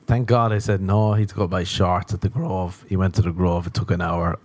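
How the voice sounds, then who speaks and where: A man's voice: deep voice, little pitch movement, brisk, darkish tone. A young Irish man hosting a casual solo podcast, rambling and wry with plenty of swearing, talking from home. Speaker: podcast host.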